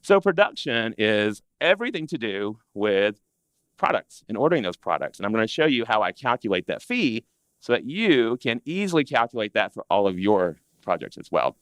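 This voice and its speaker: A man presenting to an audience of interior designers in a chatty, animated way, acting out what clients say. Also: fairly low pitch, normal speed, no echo. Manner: animated, conversational, acts out clients' complaints. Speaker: interior design business educator. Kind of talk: live presentation to a seated audience.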